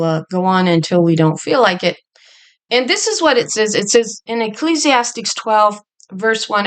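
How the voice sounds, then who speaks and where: A woman's voice: medium pitch, clean tone. A woman in her fifties giving a casual, rambling bible study from a chair at home, wandering into chatty asides. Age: 50s.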